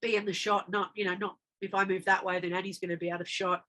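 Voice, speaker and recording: Actress, bright-voiced, animated storyteller, for a casual interview. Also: female voice, medium pitch, fast talker. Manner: animated, acts out dialogue in her anecdotes. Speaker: actress guest.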